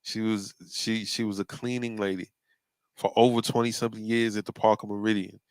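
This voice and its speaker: A man's voice: fairly low pitch, little pitch movement, a little fast, smooth, dry recording. A man in a casual chat, speaking bluntly and emphatically.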